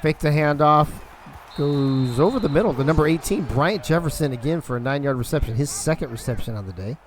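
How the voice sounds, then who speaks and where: A man's voice: on the high side, animated, brisk, slight background noise. A young man calling a football video game live on a stream, loose and profane, talking to his chat between plays.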